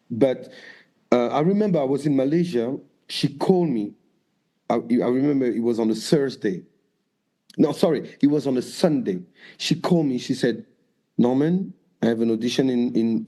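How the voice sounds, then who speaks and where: A guest dancer and choreographer with a mellow, medium-pitched voice tells lively stories in an interview, acting out quoted voices and swearing freely.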